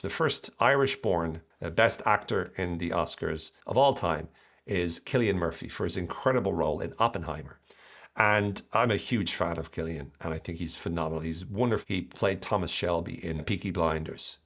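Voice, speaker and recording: Low-voiced man explaining ideas casually. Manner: animated, self-deprecating asides. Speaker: podcast host.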